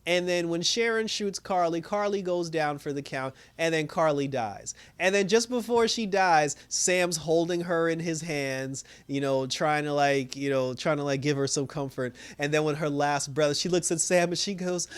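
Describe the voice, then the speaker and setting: A man talks through a TV episode in a loose, excitable ramble, full of "you know" and "like". His voice sits a little high for a man. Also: moderate pace, few pauses, clean tone. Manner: rambling, excitable, many fillers, laughs often. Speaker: show reviewer. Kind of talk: casual recap and commentary.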